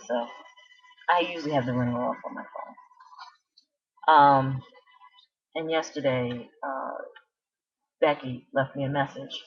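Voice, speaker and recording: A low-voiced woman talks casually to her viewers and drifts from one aside to the next. Her voice is husky. The recording sounds dull and lo-fi. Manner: meandering storytelling with many asides and restarts. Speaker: vlogger. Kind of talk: casual rambling chat.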